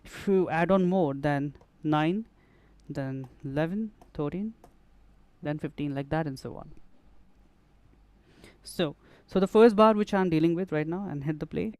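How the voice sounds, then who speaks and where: Guy walking thru a beat tutorial, slightly high clear voice, restarts his phrases a lot. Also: measured pace, long pauses, a little mellow. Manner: explanatory, repeats and restarts phrases while demonstrating. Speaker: music production instructor. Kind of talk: hands-on software tutorial.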